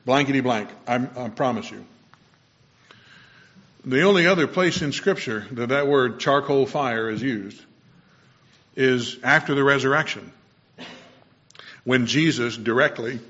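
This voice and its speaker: Male preacher, mid-pitched, chatty sermon delivery, muffled lo-fi recording. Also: fairly bright tone. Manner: explanatory, with personal asides and self-corrections. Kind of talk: conversational sermon.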